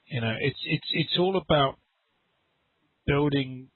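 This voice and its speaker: A man's voice: a little high, slow, no room sound. Man over a tinny call. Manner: rambling, repeats words, acts out little dialogues. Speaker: English teacher. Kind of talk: conversational online English lesson. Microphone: video call. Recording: dry, tinny call audio.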